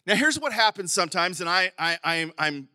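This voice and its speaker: A middle-aged man preaching a sermon as pastor, animated, with sudden emphatic bursts and some stumbling over words. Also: high voice, normal speed, dry recording, clean studio sound. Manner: stumbles and repeats words at times.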